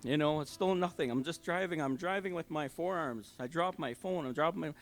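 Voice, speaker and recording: Older man with a raised voice, giving a halting testimony. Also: a little high, soft background music. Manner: halting, heartfelt storytelling with many fillers and restarts. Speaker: church member giving testimony. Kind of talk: personal testimony at a church service. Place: community hall church service.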